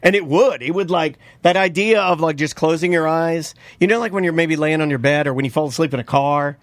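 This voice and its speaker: A man's voice: fairly high pitch, fairly quick, no echo. A man co-hosting a podcast, telling a story in casual chat and acting out other people's lines. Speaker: podcast co-host.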